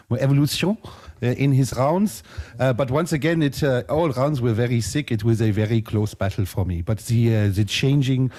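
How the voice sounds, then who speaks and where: A man impersonating French beatbox judges in a put-on French accent, halting and full of "uh" as he reads out judging notes. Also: mid-range voice, dark tone, lightly acted. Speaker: judge giving feedback.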